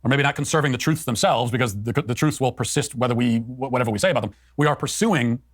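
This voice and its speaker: A man's voice: medium pitch, fast talker, no room sound, studio quality. A man giving political commentary as a co-host, in an emphatic, argumentative way.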